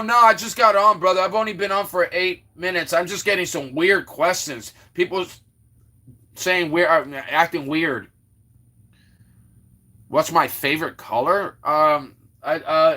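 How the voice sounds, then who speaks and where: A man's voice: a little high, unhurried, sharp tone. A man hosting a casual livestream, rambling with lots of fillers and restarts as he greets and teases viewers in the chat. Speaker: livestream host. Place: Florida.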